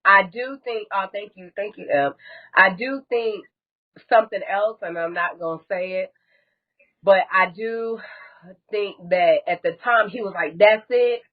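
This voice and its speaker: A woman's voice: medium pitch, unhurried, narrow, tinny audio. A woman as a guest on a live stream, telling a painful personal story in a candid, blunt way and swearing often.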